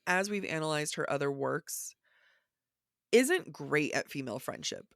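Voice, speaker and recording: Raspy-voiced woman podcast co-host. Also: sits low, measured pace, no room sound, studio quality. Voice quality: raspy morning voice. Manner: animated, quoting passages and thinking aloud. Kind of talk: casual literary discussion.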